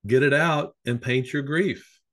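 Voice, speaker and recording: A middle-aged male psychotherapist, appearing as a guest, tells long, lively anecdotes in a casual conversation. His mid-range voice is unhurried, and he rambles like a natural storyteller.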